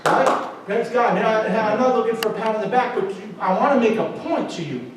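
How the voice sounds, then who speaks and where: A man pastor preaching a sermon, building to emphatic, near-shouted peaks. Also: sits high, brisk, background noise. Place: large church sanctuary. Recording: echoey church hall from far off.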